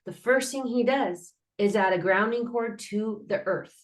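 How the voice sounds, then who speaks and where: Speaking at a measured pace in a mid-range voice, this mental health advocate appears as a guest in a relaxed interview about healing. Her delivery is earnest and meandering, with many fillers and false starts, and she lively mimics sounds and laughter as she goes.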